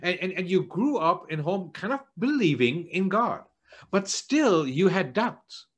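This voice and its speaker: A man's voice: sing-song, unhurried, husky. Church elder guy giving a sermon, earnest, stumbles and repeats words, voice bounces around a lot. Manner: earnest, repeats words while searching for phrasing; drops to a low soft voice for quoted lines.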